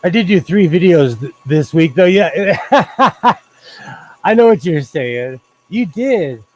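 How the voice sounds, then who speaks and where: A man's voice: sits high, expressive, slow pace. A man hosting a sewing livestream, chatting casually, laughing often and greeting viewers by name.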